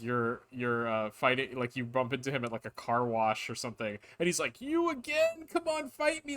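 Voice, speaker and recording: A man's voice: mid-range voice, a bit bright. A man chatting casually while streaming a game, rambling with lots of restarts and filler words. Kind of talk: casual live-stream chat. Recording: game music playing behind.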